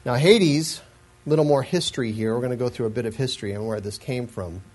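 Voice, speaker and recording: A man's voice: mid-range voice, brisk, darkish tone, poor audio. A man giving an earnest, explanatory Bible lesson in a sermon style, with asides and frequent restarts. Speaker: Bible teacher.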